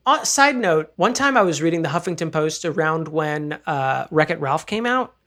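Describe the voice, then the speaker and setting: Animated woman podcast co-host. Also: low voice, normal speed. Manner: animated, swearing, laughs while talking. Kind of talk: casual chat.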